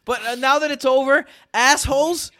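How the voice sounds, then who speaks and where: A man hosting a casual sports podcast, ranting loudly and swearing, then dropping to a mutter. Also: on the high side, expressive, moderate pace, no echo, clean studio sound. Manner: rants loudly, swears, jumps between shouting and muttering. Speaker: podcast host.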